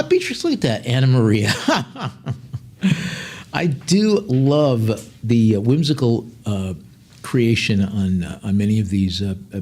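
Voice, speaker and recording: A man working as an auctioneer, rattling off bids quickly and breaking into chatty, joking descriptions of each lot. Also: lowish voice, darkish tone, slightly rough. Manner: rapid bid calling mixed with chatty, joking asides. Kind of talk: live auction calling with item descriptions.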